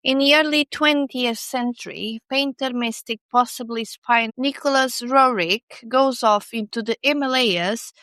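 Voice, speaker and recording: Slow, wry higher-voiced woman storyteller. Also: a bit bright, no room sound. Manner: wry, storytelling delivery with sarcastic asides. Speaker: podcast co-host. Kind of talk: scripted comedic narration.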